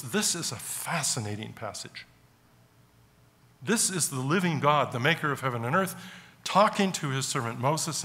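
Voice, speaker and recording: A man preaching a sermon in a church, telling stories earnestly in short, paused phrases. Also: mid-range voice, sharp tone.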